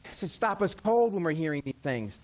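A middle-aged male pastor delivers a sermon in a noticeably high voice. His style is animated and conversational, with quick acted-out voices and self-deprecating jokes.

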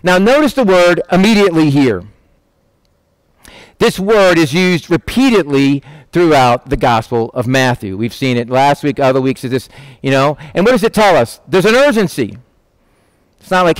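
A middle-aged pastor preaching with a conversational, animated delivery. His voice sits a touch higher than most men's. The recording is dry and close, with almost no room sound. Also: moderate pace, no room sound. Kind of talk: sermon.

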